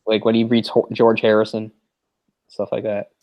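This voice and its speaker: A man's voice: fairly low pitch, completely flat delivery, moderate pace, no echo, dull audio. A man chatting casually over a movie, rambling with lots of filler words. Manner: rambling, lots of "like" fillers, puts on mock voices when retelling scenes. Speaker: commentary host. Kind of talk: casual movie watch-along chat.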